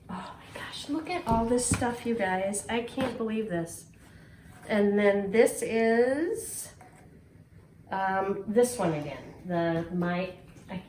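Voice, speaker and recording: A middle-aged woman in casual, excited chat, gushing and exclaiming to her viewers as she unboxes a prize at home. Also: fairly low pitch. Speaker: quilting vlogger unboxing a prize. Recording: echoey room, faint noise.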